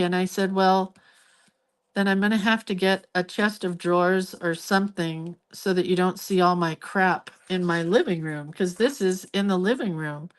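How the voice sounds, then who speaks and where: A woman hosting a drawing livestream from her living room, talking in an unhurried, drawn-out way. She rambles from one aside to the next as she reminisces, keeping it loose and chatty as she works. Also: fairly low pitch. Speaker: hand-lettering livestream host. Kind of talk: casual chat while drawing. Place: cluttered living room, home.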